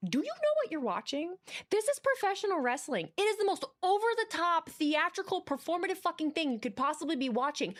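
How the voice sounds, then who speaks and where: A woman co-hosting a podcast in casual conversation, with a fairly high voice. She talks emphatically, building into rants and swearing for effect. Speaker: podcast co-host. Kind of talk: casual chat.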